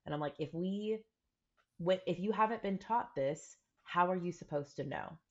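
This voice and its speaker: A woman's voice: lowish voice, normal speed. A woman co-hosting a podcast, talking things through earnestly in casual chat and often acting out quoted examples. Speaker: podcast co-host. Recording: dull lo-fi recording.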